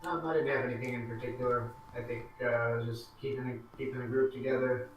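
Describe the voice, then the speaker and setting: A man playing a tabletop game, answering in a flat, offhand way. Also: medium pitch, quick pace, heavy reverb, recorded from a distance, faint music behind, rough recording. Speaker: player.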